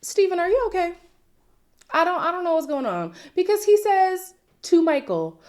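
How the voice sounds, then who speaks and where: A woman's voice: very high voice, sing-song, moderate pace, a little mellow. A woman hosting a reality TV recap, talking casually with incredulous, sassy asides.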